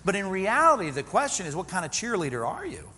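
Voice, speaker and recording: Lively man preaching in a reverberant hall. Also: sits high, quick pace, a little hiss or hum. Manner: conversational, self-deprecating humor with rhetorical questions. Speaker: pastor. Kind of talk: sermon.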